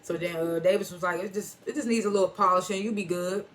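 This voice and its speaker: Bright-voiced casual TV recap host. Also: medium pitch, quick pace. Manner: storytelling, quotes characters with "he was like"; chuckles and reacts while retelling. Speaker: TV episode reviewer.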